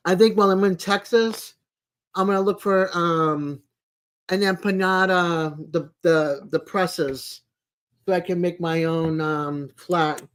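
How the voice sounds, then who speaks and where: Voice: mid-range voice, fairly even intonation, slow pace, clear, resonant tone. An adult live streamer in casual, rambling chat, greeting viewers by name and making homey small talk with plenty of fillers. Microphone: home streaming mic, no camera.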